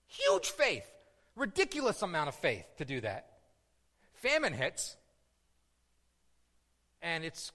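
A man preaching a sermon in a large hall, his voice bright and forceful with a long, echoing reverb around it. He tells the story with life, keeps checking in with "right?", and trips over his own restarts as he goes. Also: on the high side. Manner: lively storytelling, asks "right?" often, stumbles and restarts.

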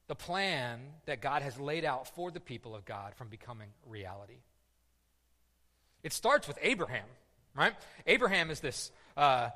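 A man preaching a sermon in a large hall, his voice bright and forceful with a long, echoing reverb around it. He tells the story with life, keeps checking in with "right?", and trips over his own restarts as he goes. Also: a little high. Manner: lively storytelling, asks "right?" often, stumbles and restarts.

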